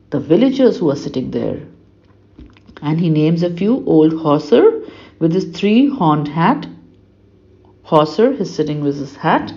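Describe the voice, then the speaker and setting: A woman reads a story aloud to her students. She pauses after each passage to restate it in plain words. Her voice sounds soft and mellow, and the recording is a little dull. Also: fairly low pitch. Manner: reads a passage, then repeats it in simpler words. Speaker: English teacher. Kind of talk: reading aloud and explaining a story. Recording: slightly muffled lo-fi recording.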